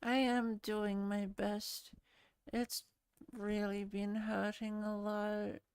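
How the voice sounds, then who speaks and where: A woman's voice: mid-range voice, level tone, slow pace, a little mellow, clean tone, dry recording. A sleepy woman streamer chatting casually with her chat, giggling and rambling as she laughs at herself. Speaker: VRChat streamer.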